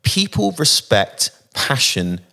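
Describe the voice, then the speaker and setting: A man from England, a guest musician in a casual interview, telling thoughtful anecdotes with frequent pauses and fillers. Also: mid-range voice, big pitch swings, vocal fry, bright, forceful tone. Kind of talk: casual interview, reflective storytelling.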